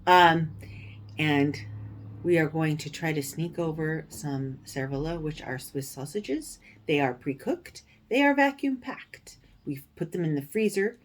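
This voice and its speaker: A woman hosting a stitching vlog, telling a story in a casual, animated way with indignant, sarcastic asides. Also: low-pitched, a little slow. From United States. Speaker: cross-stitch vlogger, show host.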